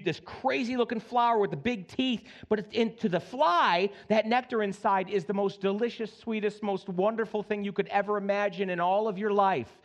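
A man preaching a sermon as pastor, conversational and animated, talking straight to his congregation and acting out little scenes. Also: high voice.

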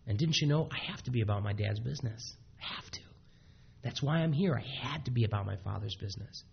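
A man voicing a gentle, meek twelve-year-old boy in a soft, hushed tone, with a husky edge, on a dull lo-fi recording. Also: fairly high pitch, a little fast.

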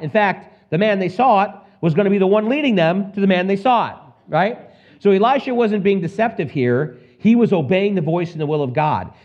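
Animated preacher man, lively pitch. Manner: animated, acts out scenes with put-on voices and asides. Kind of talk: expository Bible sermon. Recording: dull lo-fi recording.

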